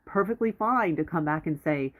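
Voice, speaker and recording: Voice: medium pitch, lively intonation, moderate pace. Blunt rambling advice-giver, tinny audio. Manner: rambling, self-interrupting, blunt. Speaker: advice vlogger. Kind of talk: casual advice monologue.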